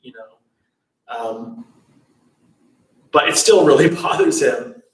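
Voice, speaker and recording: A man's voice: fairly high pitch, sing-song, slow, recorded from a distance. Chatty male storyteller in an echoey hall. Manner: loose, chatty retelling. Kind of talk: casual spiritual storytelling. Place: temple hall.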